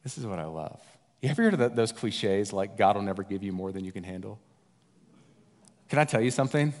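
A man's voice: fairly low pitch, expressive, brisk, big-room sound. A man preaching as a guest, in a conversational and jokey way, acting out the disciples' lines. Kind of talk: sermon.

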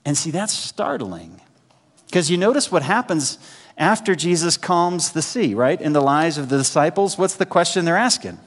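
A man preaching a sermon in a conversational way, often checking in with the congregation with quick asides. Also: a little high, big pitch swings. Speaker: pastor. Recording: long hall reverb.

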